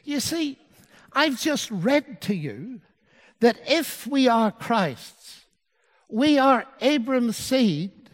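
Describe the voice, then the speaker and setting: A man preaching a sermon, measured and dwelling on key words. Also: very high-pitched, big pitch swings, in a large hall.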